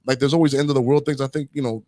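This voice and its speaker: A man's voice: medium pitch, steady tone, rapid-fire, a little mellow, no echo. A man hosts a talk show in a loose, rambling way, pressing his opinions and checking in with his listener. His voice is recorded dry and close, with almost no room sound. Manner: rambling, opinionated, tags lines with "right?" and "man". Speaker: host.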